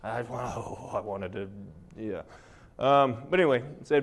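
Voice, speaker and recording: A man delivering a live talk to an audience, sarcastic and animated. He gets charged up as he goes and keeps checking in with listeners between points. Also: medium pitch, measured pace. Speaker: presenter.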